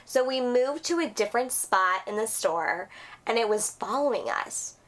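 A woman's voice: on the high side, lively intonation, normal speed, a bit bright. Giggly, swearing woman podcast host. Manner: giggly, profane storyteller. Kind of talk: casual chat, reading listener stories.

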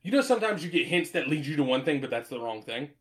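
A man's voice: a little high, very animated, fast talker. Rambling, laughing man telling stories. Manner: rambling storyteller, swears freely, laughs often. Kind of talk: casual chat.

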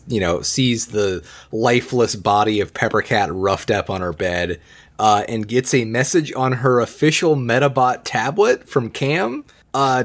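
A man recaps an episode in loose, rambling talk, leaning on "uh" and "you know" as he goes. His voice sits at an ordinary middle pitch. He talks like one friend chatting with others. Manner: rambling, many fillers, swears casually. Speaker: podcast co-host.

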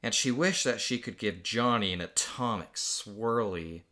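A man's voice: lowish voice, a little slow, sharp tone. A young man reading aloud his own childhood comic book in casual chat, amused and laughing often.

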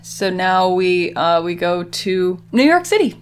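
A woman's voice: fairly low pitch, very animated, unhurried, clear, resonant tone. A woman casually recapping a TV episode, acting out the characters' lines as she goes. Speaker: podcast host recapping a TV episode. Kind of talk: casual chat.

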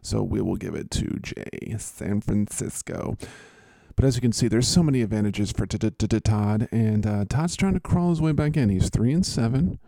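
Low gravelly man hosting. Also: lively intonation, normal speed, dark tone, no room sound. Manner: joking, rambling, teasing. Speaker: host. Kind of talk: casual chat.

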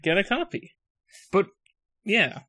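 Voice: medium pitch, big pitch swings, slow, bright, forceful tone, no echo. Dry-voiced podcast co-host, jokey. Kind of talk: casual podcast banter.

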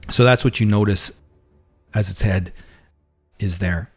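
A man narrating as game master of a tabletop game, relaxed and rambling, talking into a home mic on a voice call. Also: fairly low pitch, unhurried, breathy edge, faint music behind.

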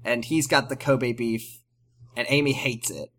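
A podcast co-host chatting casually and retelling scenes, acting out the characters in quick quotes. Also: medium pitch, fairly even intonation, fairly bright tone. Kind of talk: casual chat recapping a TV episode.

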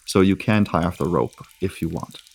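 A man with a very low voice guides his players as game master. He describes the scene casually, pausing on fillers as he goes. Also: creaky, a little mellow, husky. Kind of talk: narrating a tabletop game.

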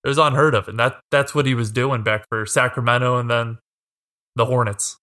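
A man's voice: mid-range voice, fairly even intonation, fairly quick, pushed and bright. A young man co-hosting a casual sports podcast, making his points in an earnest, chatty way. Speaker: podcast co-host.

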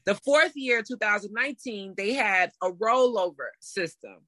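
A woman in her thirties telling a story in a casual interview, animated and laughing as she acts out what people said. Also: medium pitch, a little slow, dry recording. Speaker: interview guest.

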